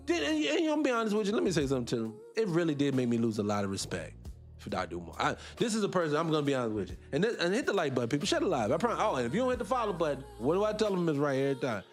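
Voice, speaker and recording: A man's voice: a little high, very animated, fast, soft background music. A man hosting a live show, talking in a rambling, blunt and profane casual monologue. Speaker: host.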